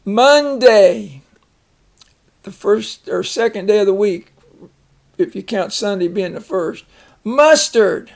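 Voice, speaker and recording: Slow, deliberate phonics teacher, man. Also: sits high, creaky, darkish tone. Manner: slow, deliberate, repeats each word and splits syllables. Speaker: reading teacher. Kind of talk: phonics lesson, reading word lists with example sentences.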